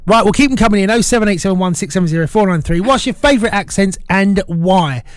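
A man hosting a local radio show, chatty and quick to laugh. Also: sits high, no room sound. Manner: chatty, laughs often, excitable. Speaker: radio host. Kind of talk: casual local radio chat. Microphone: studio microphone.

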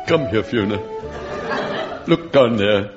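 A man's voice: lowish voice, lively intonation, takes it slowly, over music. An actor playing a gushing upper-class romantic Englishman in a radio comedy sketch, overblown and swooning. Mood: rapturous. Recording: lo-fi old radio recording with loud hiss.

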